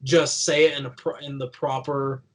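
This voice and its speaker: A man's voice: mid-range voice, flat delivery, moderate pace, a bit bright, rough recording. A young man from Kentucky with a light country twang, telling stories as a guest in a casual interview, rambling with lots of "like". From Kentucky, USA. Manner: rambling and chatty, full of "like", laughing while telling stories. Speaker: guest, professional wrestler.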